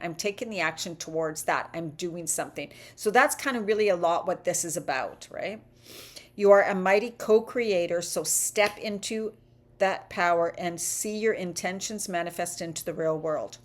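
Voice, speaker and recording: A woman in her fifties giving an encouraging, conversational motivational talk as a life coach, often checking in with "right?". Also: fairly low pitch.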